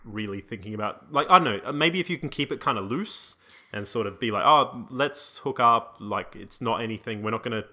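A man's voice: lowish voice, fast talker, sharp tone. A man co-hosting a podcast, giving advice to listeners in a playful, joking way. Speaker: podcast co-host. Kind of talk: casual advice chat.

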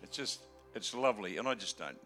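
Gravelly older Australian preacher. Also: male voice, expressive, brisk, faint music behind. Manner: jokey, rambling preacher who swings from loud exclamations to low asides. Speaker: guest preacher. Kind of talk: sermon.

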